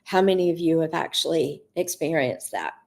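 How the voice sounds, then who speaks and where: A middle-aged woman hosting a live Q&A on spiritual coaching, speaking earnestly and addressing viewers by name, with drawn-out, emphatic phrasing. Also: low voice, animated, vocal fry. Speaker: host answering viewer questions.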